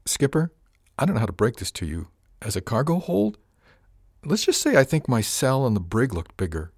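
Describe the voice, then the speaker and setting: A man's voice: medium pitch, huge pitch swings, moderate pace, darkish tone, no echo, studio quality, voice pushed up. A man voicing a blunt, wary young woman bodyguard in an audiobook, with a clipped and formal manner. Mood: teasing. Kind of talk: audiobook character voice.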